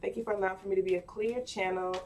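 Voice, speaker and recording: A chatty, playful woman doing a casual tarot reading and talking straight to her viewers, full of filler words. Her voice sits at a middle pitch for a woman. She sounds a little away from the microphone. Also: steady tone, rapid-fire, darkish tone, far from the mic, slight background noise. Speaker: tarot card reader.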